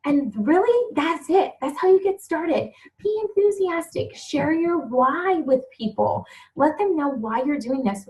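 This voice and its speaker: A woman's voice: a little high, recorded from a distance, poor audio. A woman in her thirties giving an emotional, earnest motivational talk to new team members on a group call.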